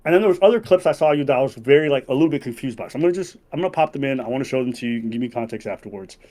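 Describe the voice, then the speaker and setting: A laid-back man from Montreal, talking casually and hedging his words with easy fillers. His voice sits at a middle pitch for a man. He keeps the conversation loose and friendly in tone. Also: animated, rapid-fire, dark tone. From Montreal, Canada. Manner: laid-back, hedging with fillers like "uh" and "I'm not gonna lie". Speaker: guest interviewer.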